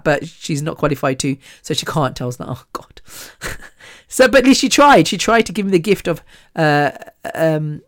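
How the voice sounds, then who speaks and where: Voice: mid-range voice, no echo. Chatty podcast host, dry sound. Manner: chatty, rambling, self-deprecating, laughs often. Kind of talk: casual podcast monologue.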